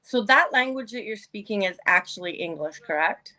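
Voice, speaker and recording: A woman's voice: medium pitch, expressive, normal speed, bright, forceful tone. Teasing woman interview host. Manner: teasing, playful. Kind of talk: casual interview chat.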